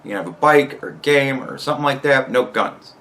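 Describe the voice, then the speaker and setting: A man's voice: mid-range voice, fast, a bit bright. A man hosting a podcast, delivering an angry, mocking political rant full of swearing. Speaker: podcast host. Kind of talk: profane political commentary rant.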